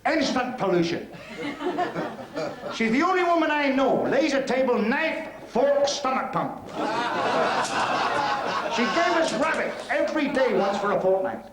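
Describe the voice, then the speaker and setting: An actor playing a crude, cheeky middle-aged club comic from Belfast, with a Northern Irish accent, doing a bawdy stand-up routine on stage. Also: male voice, very high voice, very animated, measured pace, pauses often, a loud crowd, heavy background noise, heavily acted. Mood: cheeky patter. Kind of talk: 1970s TV drama, stand-up routine. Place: club stage before an audience. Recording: roomy club hall, loud audience.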